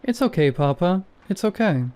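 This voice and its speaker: A frightened little boy with a slight Russian accent begs and repeats himself, as a man puts him on. The voice sits a little higher than the narrator's own, smooth and mellow. It suits a spoken horror story. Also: lively intonation, normal speed. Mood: relieved. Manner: pleading, repeating his words.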